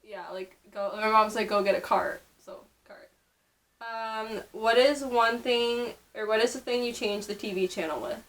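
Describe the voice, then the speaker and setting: A woman's voice: on the high side, steady tone, moderate pace, a bit bright, rough recording. Chatty young woman from upstate New York. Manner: chatty, many fillers. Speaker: vlogger. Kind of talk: casual chat.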